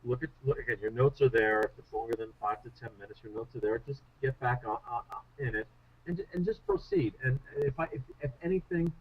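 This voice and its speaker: A man of middle pitch talks as a guest on a radio show, coaching listeners on public speaking. He tells stories in an animated, self-deprecating way, often laughing at himself. The sound is slightly muffled, like broadcast audio. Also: fairly quick, breathy edge. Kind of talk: conversational radio interview.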